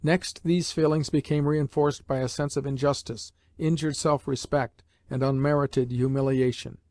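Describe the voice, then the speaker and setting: A male audiobook narrator reads a classic novel in a steady, measured way. His mid-range voice is recorded close and dry with no room around it. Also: medium pitch, no echo. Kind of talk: scripted narration.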